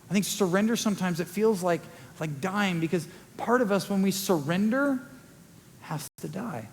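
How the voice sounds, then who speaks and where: High-voiced man preaching in a reverberant church. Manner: conversational, acts out quick quoted asides. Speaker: pastor. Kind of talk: sermon. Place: church sanctuary. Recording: long church hall reverb.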